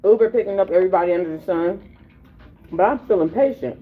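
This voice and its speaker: Woman, low-pitched voice, animated profane storytelling, slangy casual chat, tinny phone-like sound. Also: fast, noisy background. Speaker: podcast host.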